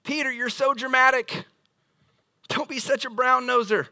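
A man's voice: extremely high pitch, fairly even intonation, normal speed, vocal fry, sharp tone, voice pushed up, full character voice. A man voicing a casual male teacher who teases a friend in a joking, breezy way. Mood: teasing.

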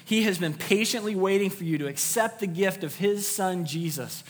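A pastor preaches a sermon to his congregation in a church sanctuary, his voice sitting high at a moderate pace with a big-room sound. He is earnest and emphatic, repeating key phrases for weight.

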